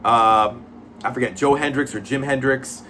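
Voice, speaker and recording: A man's voice: medium pitch, normal speed, pushed and bright, slight background noise. A man reviewing comic books in casual chat, blunt, profane and rambling with many fillers.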